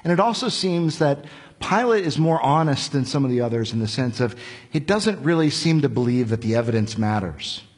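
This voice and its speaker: Animated, husky-voiced male preacher. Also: mid-range voice, a little fast, long reverb tail. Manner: conversational, animated storytelling with rhetorical questions. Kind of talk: expository sermon.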